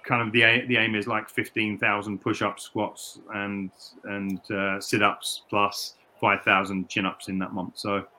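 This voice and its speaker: Bright-voiced British man reflecting in an interview. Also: lowish voice, level tone, unhurried. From United Kingdom. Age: middle-aged. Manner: reflective, repeats words and restarts often. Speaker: interview guest, personal trainer. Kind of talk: candid interview conversation.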